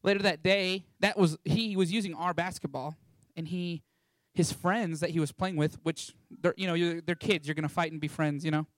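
A young Texan ministry school student gives his testimony, animatedly recounting a personal story to an audience and voicing the people in it. He speaks at a normal speed in a slightly high voice, barely pausing.

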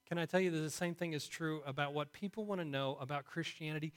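A man's voice: a little high, fast, hardly any pauses. A man preaching a sermon to a congregation in a conversational way, often asking them questions. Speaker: pastor.

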